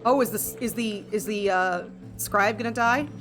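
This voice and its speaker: A woman's voice: mid-range voice, moderate pace. A woman streaming a game live, muttering to herself as she plays. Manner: muttering to herself while playing. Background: game music.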